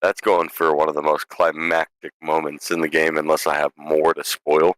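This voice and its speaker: A man chatting as a tabletop game player, joking and teasing, quick to laugh. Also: extremely low pitch, little pitch movement, a bit bright, dry recording. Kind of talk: casual podcast chat.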